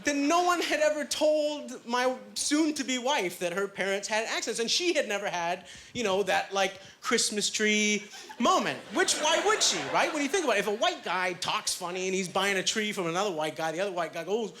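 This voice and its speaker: On a comedy club stage, a Canadian man in his thirties runs through a stand-up set of chatty, self-deprecating stories packed with fillers. His voice sits high at a moderate pace with a slight hiss or hum, and the live recording carries loud crowd laughter.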